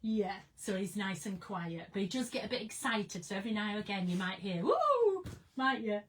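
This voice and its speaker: A woman's voice: mid-range voice, brisk, slight background noise, rough recording. A woman chatting casually on a craft livestream from her studio, giggling and greeting viewers by name. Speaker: craft live streamer. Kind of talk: casual live-stream chat.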